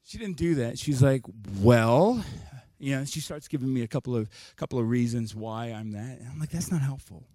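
A male pastor telling a story in his sermon, candid and self-deprecating, tossing in quick jokes. His voice sits in a middle pitch and is recorded close and dry, with little room sound. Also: warm tone, no room sound.

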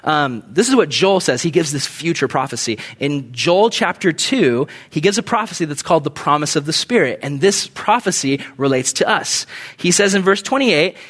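A young man preaching a casual sermon, telling stories in an animated, conversational way with slangy asides. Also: fairly high pitch, moderate pace.

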